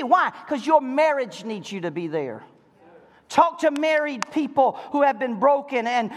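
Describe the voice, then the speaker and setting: High-voiced man preaching in a reverberant hall. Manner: preaching with rhetorical questions, acting out voices. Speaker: pastor. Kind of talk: sermon. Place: church sanctuary.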